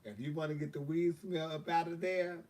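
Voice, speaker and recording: A man hosting his own live stream tells a long, casual story, swearing freely, drawling and using plenty of fillers. His voice is high-ish, a little mellow and fairly even in intonation, moving fairly quickly, and he's far from the mic.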